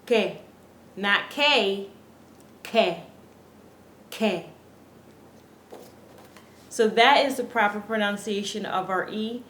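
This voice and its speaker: Slow, careful woman teaching pronunciation. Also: medium pitch, fairly bright tone, a little hiss or hum. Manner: slow, deliberate, repeats words carefully. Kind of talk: slow instructional lesson. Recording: echoey room, faint ambience.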